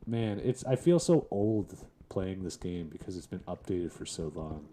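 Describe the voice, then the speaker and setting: A man's voice: low-pitched, expressive, measured pace, warm tone, a little hiss or hum. A young man casually commenting on his game as he plays, chatting and chuckling in a laid-back way. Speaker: gaming streamer. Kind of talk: casual Let's Play commentary.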